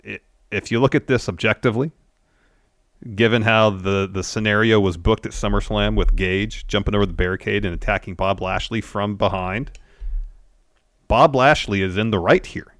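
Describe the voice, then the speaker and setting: A man co-hosting a podcast, recapping events in a measured casual chat with fillers. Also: on the low side, fairly bright tone, no echo, studio quality. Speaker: podcast co-host.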